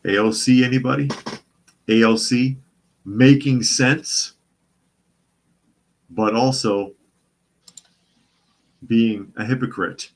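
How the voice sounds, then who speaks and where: A man's voice: medium pitch, slow, pauses often. A man hosting a casual news commentary show, sarcastic and often repeating his phrases for emphasis. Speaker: host.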